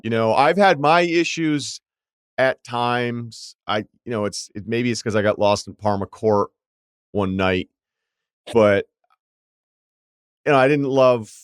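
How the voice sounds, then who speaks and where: A man's voice: mid-range voice, takes it slowly, long pauses, clear, resonant tone, no echo, clean studio sound. A middle-aged man hosting a podcast, telling rambling stories in a wry, casual way. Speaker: podcast host. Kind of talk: casual chat.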